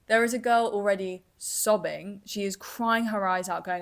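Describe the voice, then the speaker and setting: Podcast host: young woman, casual storyteller, mid-pitched, talks with lots of "like" and "kind of". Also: moderate pace, hardly any pauses. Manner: chatty, lively, filler-heavy with "like" and "kind of".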